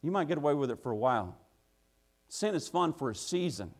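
A man preaching a sermon, telling a folksy work story that builds into loud, urgent preaching. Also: fairly high pitch, sing-song, brisk.

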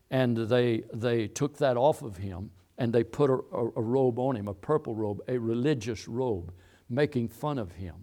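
A man preaching a sermon, moving from calm, halting explanation to fervent, near-shouting emphasis, with many repetitions and restarts. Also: mid-range voice. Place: rural, works in a barn.

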